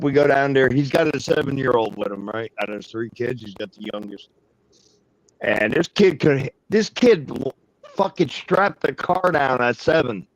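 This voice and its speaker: A man telling a long, profane anecdote in casual chat, rambling and animated. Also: medium pitch, no echo, rough recording. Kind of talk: casual storytelling.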